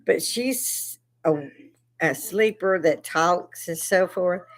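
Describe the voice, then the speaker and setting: A woman's voice: fairly low pitch, slow pace. A middle-aged woman hosting a casual livestream, retelling stories with frequent laughter and acted-out quotes. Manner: animated storyteller who laughs often and acts out quotes. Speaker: livestream host.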